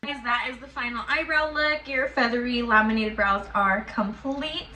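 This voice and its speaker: A young woman talks straight to the camera in an easy, gushing way, as a beauty vlogger. Her voice sits a touch high and sounds bright. Faint room hiss runs underneath. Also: normal speed. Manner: chatty, effusive, gushing. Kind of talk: casual talk to camera.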